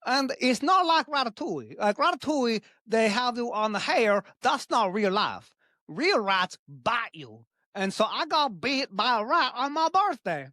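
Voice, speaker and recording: Brief: grumpy greedy chef guy, deadpan and childlike, pitch leaping all over, dry close sound, a woman putting him on. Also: measured pace, dry recording. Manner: deadpan, broken grammar, wild pitch swings. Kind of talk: improvised comedy bit.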